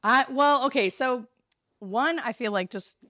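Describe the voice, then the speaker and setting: A woman, a hospice nurse telling a story in casual chat, animated and full of fillers. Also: a little high, measured pace, no room sound, clean studio sound. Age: 30s.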